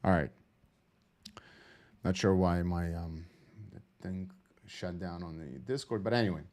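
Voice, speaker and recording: A man giving casual, rambling commentary on a live trading stream, calm and low-key, swearing freely and full of fillers and restarts. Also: measured pace.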